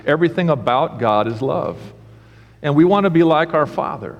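Pastor preaching in a reverberant sanctuary. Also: male voice, on the high side, expressive, normal speed. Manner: storytelling with humor, preacherly. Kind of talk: sermon. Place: church sanctuary. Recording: church sanctuary with long reverb.

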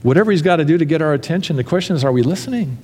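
A man preaching a sermon as a pastor, earnest, building to fervent emphasis and falling to soft pleas. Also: on the high side, lively intonation, rapid-fire, breathy edge, long reverb tail.

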